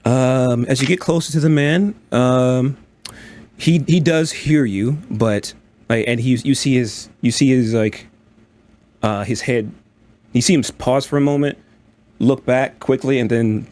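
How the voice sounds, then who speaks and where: A man narrating a tabletop game as dungeon master, halting and full of fillers. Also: medium pitch, darkish tone. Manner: halting, many fillers and restarts.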